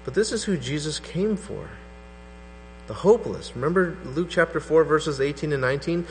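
A man preaching a sermon as pastor, animated and acting out skeptical voices. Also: fairly high pitch, normal speed. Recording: hall reverb with faint mains hum.

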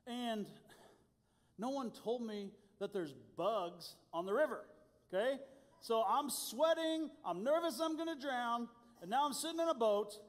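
A youth pastor from Indiana preaching a sermon, telling stories in an animated, self-deprecating way. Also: male voice, very high-pitched. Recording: long hall reverb.

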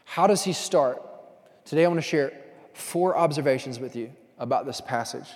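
A man preaching a sermon as pastor, talking conversationally and telling animated stories with asides to the congregation. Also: mid-range voice, normal speed, in a large hall.

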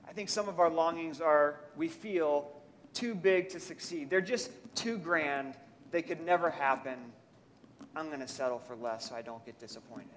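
A man preaching a sermon, talking conversationally and asking his congregation rhetorical questions, dropping soft for reflection and rising for emphasis. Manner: storytelling, swings between soft reflective lows and lifted, emphatic highs. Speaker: pastor. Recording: long hall reverb, faint room noise.

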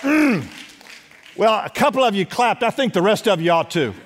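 A man preaching a sermon as pastor, urging his congregation to respond and dropping at times to a hush. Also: high-pitched, animated, moderate pace, some chatter behind, a little hiss or hum. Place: church sanctuary. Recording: long church hall reverb.

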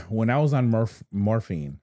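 A man with a low, mellow voice talks casually on a podcast. He tells his story haltingly, often stopping to restart his sentences, recorded dry and close. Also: very animated, dry recording. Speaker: podcast co-host. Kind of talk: casual conversation.

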